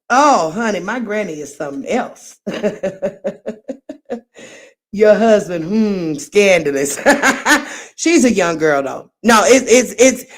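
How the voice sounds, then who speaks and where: A middle-aged woman hosting a livestream, chatting casually with viewers in an animated, playful way and often laughing at herself. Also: medium pitch, slow pace, long pauses. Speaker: livestream host. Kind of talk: casual chat reacting to viewer comments.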